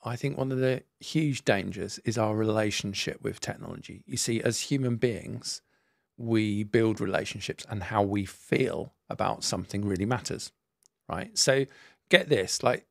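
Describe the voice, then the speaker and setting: A man's voice: on the low side, moderate pace, creaky, dry recording, studio quality. A man co-hosting a casual podcast, musing in a playful way. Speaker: podcast co-host.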